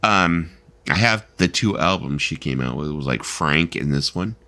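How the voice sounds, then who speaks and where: A man's voice: a bass voice, lively intonation, moderate pace, pushed and bright. A man hosting a casual livestream chat about albums, enthusiastic and emphatic, repeating himself and swearing casually. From California. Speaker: livestream host. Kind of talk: casual group chat reacting to an album list.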